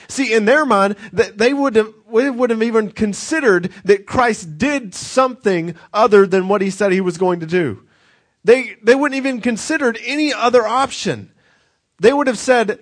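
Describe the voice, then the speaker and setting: A man's voice: sits high, moderate pace. A man, a pastor, preaching a sermon in a conversational way, with frequent restarts and acted-out quotes.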